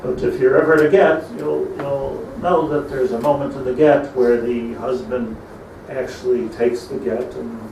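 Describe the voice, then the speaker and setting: Echoey distant rabbi preaching. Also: male voice, medium pitch, fairly even intonation, normal speed, creaky, hardly any pauses, background noise. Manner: storytelling, mixes Hebrew terms into English, rises to emphatic peaks. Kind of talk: sermon on lamentations. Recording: echoey room, mic at a distance, faint ambience.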